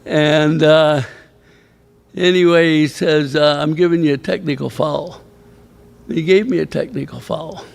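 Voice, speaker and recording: A man's voice: a little high, steady tone, a little slow, creaky. An older man, a retired coach, telling a rambling, chuckling story at a ceremony. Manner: rambling anecdotal storyteller, chuckling, quoting others. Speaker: former coach and inductee. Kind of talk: storytelling speech at an awards ceremony. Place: banquet hall at a ceremony.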